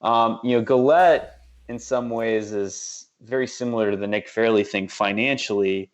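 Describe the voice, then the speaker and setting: A man's voice: fairly low pitch, normal speed. A man co-hosting a casual sports podcast, rambling with lots of fillers and restarts. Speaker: podcast co-host.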